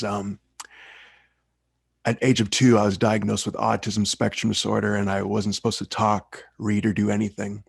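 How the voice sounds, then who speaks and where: Earnest young man, gravelly low voice. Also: no room sound. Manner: heartfelt, earnest storytelling. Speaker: Toastmasters speaker. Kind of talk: personal tribute speech.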